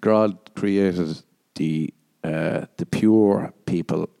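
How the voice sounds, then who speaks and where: Irish male podcast host, young adult, low and warm voice, rambling profane monologue. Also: very slow, gravelly. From Ireland. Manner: profane, jokey, shifts into mock voices.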